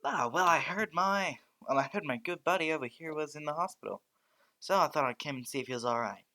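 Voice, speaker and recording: A man voicing a loud, cheerful male hero in a fan story reading, talking in a boisterous, buddy-like way. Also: fairly high pitch, a little fast, pitched above the performer's own voice.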